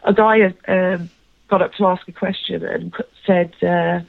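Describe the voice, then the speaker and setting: A woman's voice: fairly low pitch, fairly even intonation, a little slow, vocal fry, dry recording. A woman chatting casually as a podcast co-host, rambling and self-deprecating, with lots of fillers and restarts. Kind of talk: casual chat recounting a convention. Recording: tinny phone-like line.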